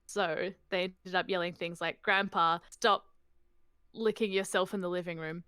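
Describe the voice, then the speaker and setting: A woman's voice: fairly low pitch, fairly even intonation, moderate pace, sharp tone, clear, resonant tone, no room sound, clean studio sound. An Australian woman rambling in casual chat as a stream guest, giggly and full of "like".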